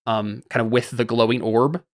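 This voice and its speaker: A man's voice: mid-range voice, little pitch movement, moderate pace, no echo, studio quality. A man narrating as the game master of a tabletop game, in a loose, rambling way with many fillers.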